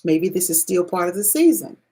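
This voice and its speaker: A woman's voice: on the low side, big pitch swings, brisk, warm tone, husky, poor audio. A woman giving a casual spiritual card reading to her viewers in a loose, salty, chatty way.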